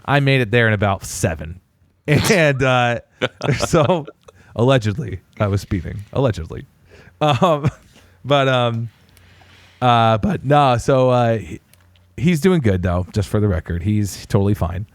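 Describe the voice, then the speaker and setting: A man in his thirties, co-hosting a podcast, telling a family story in a casual, animated way. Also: a little slow, dry recording. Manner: animated storyteller, puts on high voices when quoting a child. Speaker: podcast co-host.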